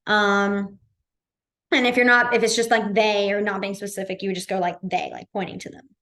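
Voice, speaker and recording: A woman's voice: medium pitch, little pitch movement, moderate pace, a bit bright. A woman teaching a beginner sign language class in a library, chatty and informal, with lots of fillers and self-corrections. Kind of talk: casual class instruction.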